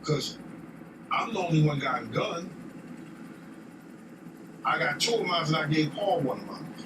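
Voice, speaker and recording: A man's voice: fairly high pitch, lively intonation, measured pace. Man telling a story from far off. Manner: profane, repeats "you know what I'm saying". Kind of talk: casual storytelling. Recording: echoey, distant, noisy.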